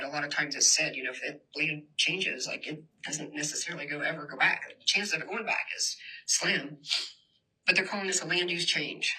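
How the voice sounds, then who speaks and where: A woman's voice: lowish voice, bright, forceful tone, breathy edge. A woman giving an impassioned public presentation in a university hall, addressing the audience directly. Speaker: community organizer giving a talk.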